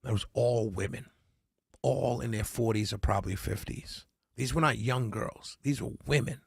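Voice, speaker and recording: A man's voice: mid-range voice, normal speed, creaky, slightly rough, no echo, studio quality. A man who hosts a radio talk show, casually telling a story and quoting each person he spoke with. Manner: recounts conversations, quoting each person in turn.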